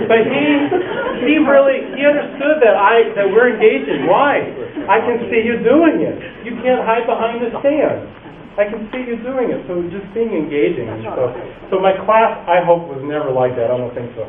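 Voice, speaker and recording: A man who is a music teacher, giving a lively talk to other teachers and acting out little stories. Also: very high voice, moderate pace, a loud crowd. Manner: animated storyteller, acts out quotes. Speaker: music teacher speaking at a workshop. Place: hall or classroom at a workshop. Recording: far, echoey, tinny room recording.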